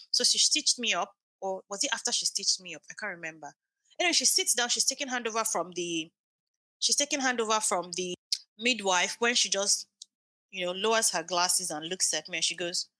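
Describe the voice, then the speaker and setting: Woman, 30s, podcast guest; bright, forceful voice, dry close sound, lively storyteller who voices every exchange. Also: lowish voice, brisk, no room sound. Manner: animated, acts out quoted dialogue. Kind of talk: emotional storytelling.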